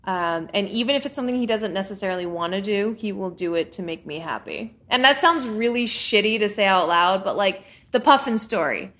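A chatty young woman in casual conversation, jumping in on a shared story. Her voice is bright and sharp, with a lively pitch that climbs and dips. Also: a little fast, hardly any pauses. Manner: chatty, laughs easily, chimes in.

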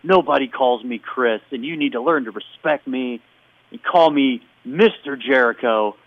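A man plays a cocky wrestling villain who drawls out his boasts slowly and haughtily. The sound is dull and dry, like a lo-fi mic. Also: medium pitch, dry recording, natural voice. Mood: haughty.

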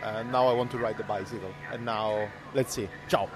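Travelling by train and pulling into stations, a cycling vlogger chats casually to his camera, rambling and talking to himself. His voice is lowish and fairly even, a little fast, with music in the background and noisy train ambience around him.

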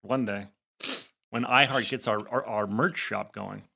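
A man's voice: fairly low pitch, unhurried, gravelly, pushed and bright, husky. A man hosting a podcast in casual chat, rambling and chatty, with bursts of mock indignation. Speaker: podcast host.

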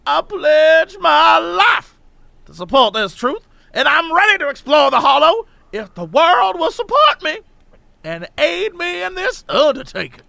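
A man on a podcast putting on an old-timey voice as a pompous 1800s gentleman solemnly making a grand declaration. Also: very high voice, wildly swooping pitch, normal speed, creaky, no room sound, exaggerated voice. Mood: grandiose. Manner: pompous, proclaiming. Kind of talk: podcast read-aloud in a put-on voice.

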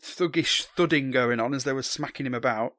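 A man's voice: medium pitch, brisk, fairly bright tone, no room sound, clean studio sound. A man casually recapping a film on a podcast, joking and swearing with many ums. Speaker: podcast co-host.

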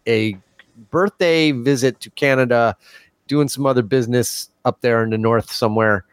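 A man's voice: medium pitch, moderate pace, smooth, no room sound. A man co-hosting a casual podcast, reading a listener's email aloud with stumbles and self-deprecating laughs. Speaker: podcast co-host.

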